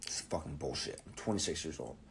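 A young man in his twenties hosts a solo podcast with a very low, deep voice. He rambles, jokes and swears freely. A faint hum sits behind his voice. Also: lively intonation, fairly quick, creaky, low-quality recording. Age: 20s. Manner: profane, rambling, jokey. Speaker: podcast host. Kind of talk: casual solo podcast monologue.

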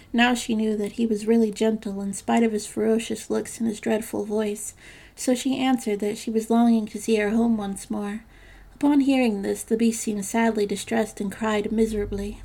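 A woman narrates a classic fairytale at a steady, measured pace. Her voice sits a little high and carries a noticeable gravelly fry. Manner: measured storybook reading. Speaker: storyteller.

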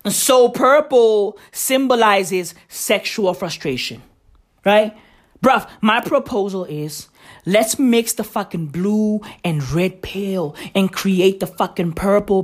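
Loud, hoarse woman ranting. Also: fairly high pitch. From South Africa. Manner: loud, shouty, swearing heavily. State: hoarse, voice cracking. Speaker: vlogger. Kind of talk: profane vlog rant.

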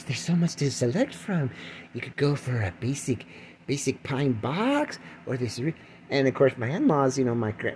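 Male host, mid-pitched, rambling monologue with frequent restarts. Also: darkish tone, slight background noise, rough recording. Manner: rambling, stumbling restarts, wry jokes. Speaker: podcast host.

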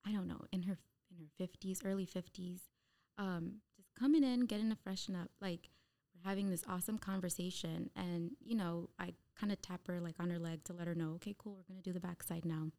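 A woman's voice: on the low side, fairly even intonation, brisk, mellow. A woman telling candid stories from her waxing work in a casual chat, laughing often. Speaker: waxing specialist.

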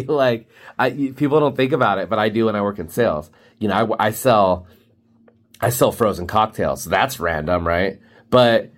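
A man hosting a podcast, rambling casually and joking between thoughts. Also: medium pitch. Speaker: podcast host. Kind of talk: casual monologue.

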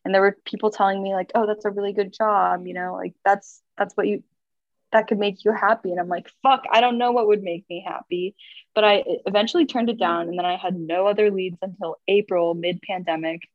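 A woman's voice: mid-range voice, steady tone, a little fast, no room sound. A young woman in her twenties rambles through a story, leaning on fillers and asides. Her voice comes through dull and a little muffled. The sound is dry and close, with no room around it. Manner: chatty storytelling, filler-heavy. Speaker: guest. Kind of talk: casual chat. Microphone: phone on video call.

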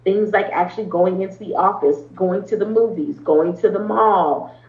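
A woman's voice: mid-range voice, normal speed. Woman therapist chatting as a guest, lots of ums and restarts, kinda echoey, a bit muffled. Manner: earnest, explains at length with frequent ums and restarts. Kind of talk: conversational interview talk. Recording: roomy, slightly dull sound.

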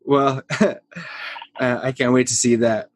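Male podcast host, easygoing, laughs a lot, dry close sound, mid pitch. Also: little pitch movement, slow, no echo. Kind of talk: casual chat.

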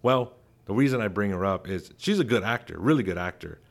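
A man's voice: lowish voice, lively intonation, a little fast, creaky. A man, a father, giving casual, chatty and emphatic commentary as the host of his own show. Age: adult father.

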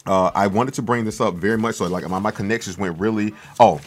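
Male podcast co-host, low voice, rambling, excitable, swears a lot, faint music underneath. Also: fast. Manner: rambling, swearing, bursts into loud excited impressions. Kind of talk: excited film chat.

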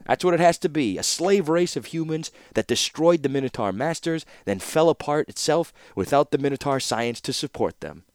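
A man's voice: fairly high pitch, animated, normal speed, few pauses, darkish tone, clean tone, no echo, studio quality, pitched above the performer's own voice, lightly acted. A man reading an audiobook voices an impulsive, argumentative young scholar who talks in heated, emphatic bursts. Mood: insistent.

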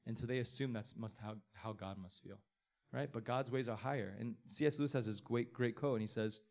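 An earnest man with a voice that is neither high nor low, preaching informally. He talks the way he would in conversation, rambling a little and often restarting his sentences. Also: fairly quick, darkish tone. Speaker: pastor. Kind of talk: informal sermon.

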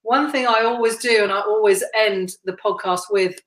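A woman hosts a podcast in relaxed conversation. She is chatty and upbeat and laughs easily as she asks her guest light questions. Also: mid-range voice, normal speed, rough recording. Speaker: podcast host. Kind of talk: casual interview chat.

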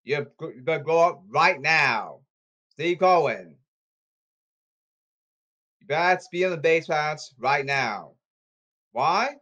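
A man's voice: a little high, lively intonation, slow, pauses often, pushed and bright. Agitated man ranting on a podcast. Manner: agitated, repetitive, scolding. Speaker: podcast host.

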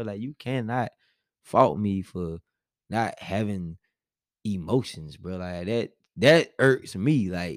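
A man's voice: lowish voice, darkish tone, dry recording, studio quality. A man talking with his wife in a casual couple's chat, blunt and laid-back, pushing back on her points. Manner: blunt, laid-back, argumentative, says "bro" often. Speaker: husband in a couple's vlog.

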